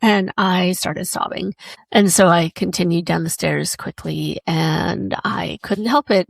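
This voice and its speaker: A woman's voice: on the low side, gravelly, no echo. A woman hosting a solo podcast, telling a personal story in a chatty, emotional way. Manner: chatty and emotional, acts out quoted voices. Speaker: podcast host.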